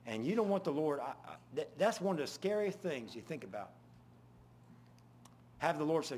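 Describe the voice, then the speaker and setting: An older man preaching an informal sermon, full of folksy stories and swinging between loud and hushed. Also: a little high, sing-song, normal speed, pauses often, a little hiss or hum.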